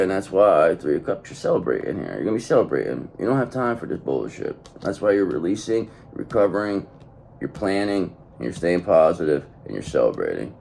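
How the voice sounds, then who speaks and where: Low gravelly guy doing a tarot reading, swears a lot, pitch jumps all over, repeats himself for emphasis. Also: a little mellow, slight background noise. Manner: blunt and profane, repeating phrases for emphasis. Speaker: tarot reader.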